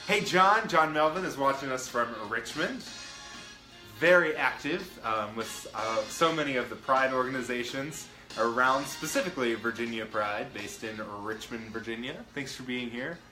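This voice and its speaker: A man's voice: medium pitch, normal speed, sharp tone, reverberant, faint music behind, low-quality recording. A man hosting his own live-stream show, chatting casually and greeting viewers by name in an upbeat way. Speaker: livestream show host.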